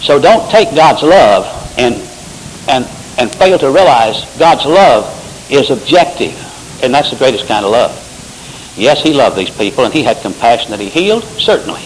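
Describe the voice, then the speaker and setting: A man's voice: mid-range voice, very animated, moderate pace, a little hiss or hum, low-quality recording. A man preaching a sermon, quoting scripture and rising into emphatic bursts.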